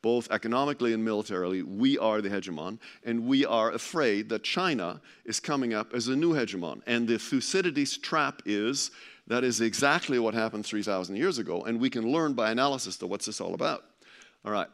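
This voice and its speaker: A man's voice: mid-range voice, animated, fairly quick, a bit bright. A man giving an informal presentation to a live audience, chatty and joking, often stumbling and restarting as he searches for words.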